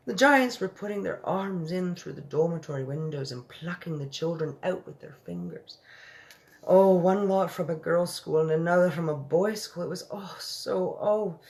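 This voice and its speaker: A woman's voice: lowish voice, a little mellow, pitched above the performer's own voice. A woman reading a storybook aloud and voicing a refined, self-controlled elderly queen with a posh, exclamatory manner.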